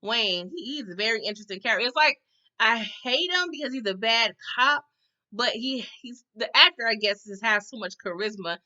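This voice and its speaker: A woman's voice: on the high side, expressive, moderate pace, pushed and bright, dull audio. A woman giving a casual, chatty recap of a TV episode. She acts out the characters' lines and keeps tagging her sentences with "okay?". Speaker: TV recap host.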